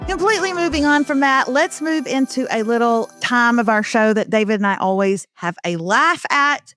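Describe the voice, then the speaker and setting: Woman host, joking and animated, high voice, dry studio mic. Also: no echo. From Southern US. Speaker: podcast host. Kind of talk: casual comedic chat.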